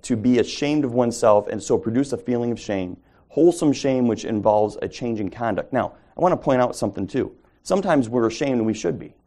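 A man's voice: mid-range voice, mellow. A man leading a casual Bible study, teaching conversationally, asking the group questions and correcting himself as he goes.

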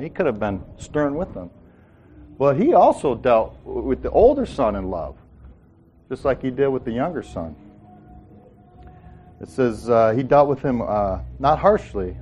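A man leads a relaxed Bible study, mixing scripture with jokes and folksy asides. He acts out the characters' lines with a lively, conversational delivery. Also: medium pitch, moderate pace, a little hiss or hum. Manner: folksy, joking, acts out quotes. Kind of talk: informal Bible teaching.

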